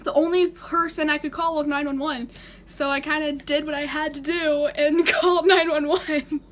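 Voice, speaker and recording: A woman's voice: high-pitched, level tone, moderate pace, a bit bright. A teenage girl telling a story on camera in a casual way, laughing often as she talks. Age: teens. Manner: laughing through her story, giggly. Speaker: vlogger.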